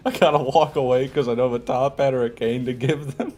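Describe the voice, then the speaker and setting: A man's voice: medium pitch, animated, normal speed, a little mellow. An American man in live gameplay commentary, chatting with viewers in a joking, swearing way and often laughing. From United States. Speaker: gaming streamer.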